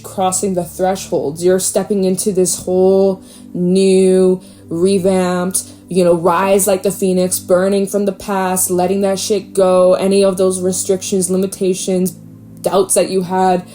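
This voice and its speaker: A woman giving a casual, animated tarot reading, swearing freely and laughing often. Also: medium pitch. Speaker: tarot reader.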